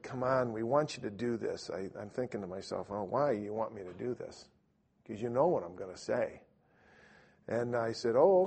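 Gravelly raspy guy teaching at church, rambly stories, lots of restarts. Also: medium pitch, darkish tone. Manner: storytelling, self-deprecating, many restarts. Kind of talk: informal teaching talk.

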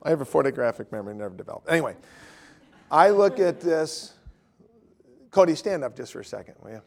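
A male pastor preaching a sermon with great passion, swinging from loud urgent declarations to quiet joking asides. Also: on the high side, big pitch swings, quick pace, vocal fry.

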